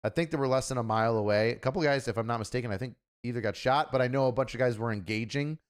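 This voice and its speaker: A man's voice: mid-range voice, rapid-fire, clear, resonant tone. Profane, fired-up male stream host. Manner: profane, animated when ranting, acts out quoted voices. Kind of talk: casual talk commentary.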